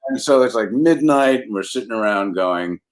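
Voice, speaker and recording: A man's voice: fairly low pitch, moderate pace. Older jersey guy spinning old writers' room stories, voice swings all over, chuckles a lot. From New Jersey. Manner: animated storyteller acting out quoted voices, chuckling often. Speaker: comedy writer guest. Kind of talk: casual storytelling chat.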